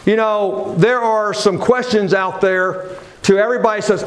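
A man's voice: high voice, measured pace, hardly any pauses. A man preaching a sermon in a church, talking casually and putting questions to his congregation. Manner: conversational, asks questions of the congregation.

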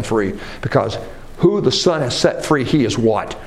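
A man preaching a sermon, moving from low earnest talk to loud rising exhortation. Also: moderate pace, a little hiss or hum. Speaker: pastor.

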